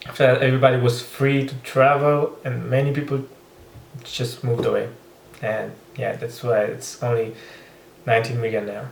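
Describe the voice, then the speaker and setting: A man from Romania with a Romanian accent, giving casual, halting reaction commentary while thinking aloud. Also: medium pitch, flat delivery, gravelly, reverberant, recorded from a distance, a little hiss or hum. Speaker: reaction video host.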